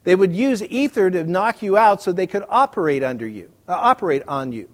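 A man's voice: sits high, expressive, a little fast. A middle-aged man preaching a sermon and reading scripture, talking conversationally with joking asides to the congregation. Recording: echoey hall reverb.

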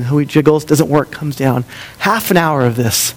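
A man preaching a sermon, telling a story and often dropping to a soft, gentle voice for quiet lines. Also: fairly high pitch, huge pitch swings, moderate pace. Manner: storytelling, drops softer for tender quoted lines. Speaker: pastor.

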